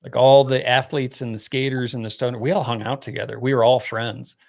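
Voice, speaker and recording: A middle-aged man as a podcast guest, talking in a relaxed, rambling way with lots of fillers. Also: medium pitch, a little fast, vocal fry. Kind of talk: casual podcast conversation.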